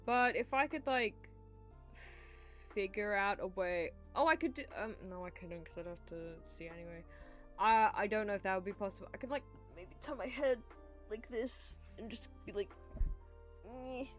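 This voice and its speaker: A woman's voice: mid-range voice, moderate pace, fairly bright tone. Young female streamer, rambling and giggly, casual swearing, faint music underneath. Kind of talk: casual livestream chat while drawing.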